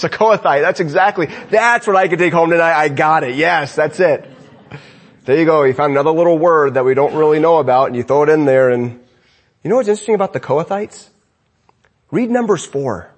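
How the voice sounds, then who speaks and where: A man preaching a sermon as pastor, swinging between loud emphatic lines and quiet asides. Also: fairly high pitch, animated, brisk, slightly rough.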